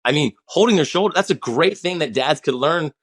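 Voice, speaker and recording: A man's voice: fairly high pitch, animated, a little fast, fairly bright tone. A man in his forties, a guest on a podcast, talking in a rambling, passionate way with many restarts. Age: 40s. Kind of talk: casual conversation.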